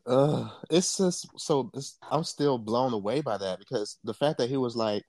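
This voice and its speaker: A man's voice: mid-range voice, normal speed, hardly any pauses, a little mellow, no echo. A man co-hosting a podcast in casual chat, exasperated.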